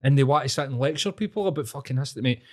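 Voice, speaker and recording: Scottish guy, thirties, loose casual chat host, heavy swearing, animated storyteller. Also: medium pitch, racing. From Scotland.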